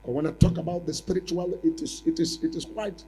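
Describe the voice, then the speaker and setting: A man preaching a prophetic sermon, repeating his phrases and breaking into sudden loud rises. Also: on the high side, expressive, fast talker, few pauses, slight background noise, rough recording.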